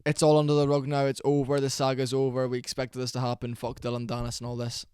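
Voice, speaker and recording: A young man giving a casual, rambling reaction commentary, tired and low on energy, with fillers and swearing. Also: completely flat delivery, fast, darkish tone, slight background noise. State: sleepy, worn out. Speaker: MMA reaction channel host.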